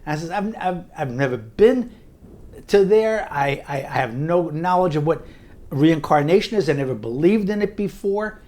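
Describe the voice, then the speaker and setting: A man's voice: on the high side, expressive, normal speed, a little mellow. An older man narrating his own memoir in an earnest, conversational way, often restarting his words. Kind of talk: personal storytelling narration.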